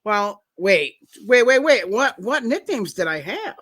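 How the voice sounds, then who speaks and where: A man's voice: high-pitched, big pitch swings, unhurried, bright, forceful tone, no room sound, clean studio sound. A man on a podcast, chatting casually and throwing in jokes. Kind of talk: casual chat.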